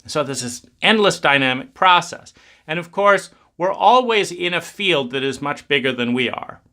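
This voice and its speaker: A man's voice: fairly high pitch, animated, normal speed, bright, forceful tone. A man giving a reflective spoken talk, rambling with many restarts.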